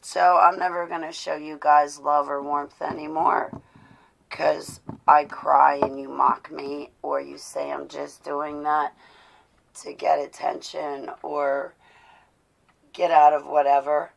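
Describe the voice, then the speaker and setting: A woman's voice: low voice, flat delivery, slow pace, vocal fry, highs cut off. A woman talking to her live-stream viewers, confessional and intense, growing indignant as she talks. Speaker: vlogger speaking to live viewers. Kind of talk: casual live-stream talk.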